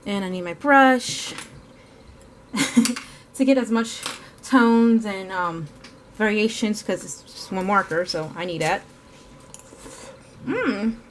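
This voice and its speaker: A woman's voice: mid-range voice, slow, pauses often, background noise. Chatty, rambling woman art vlogger. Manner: chatty, scattered, many fillers and self-corrections; talks while eating at times. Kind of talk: casual rambling art vlog narration.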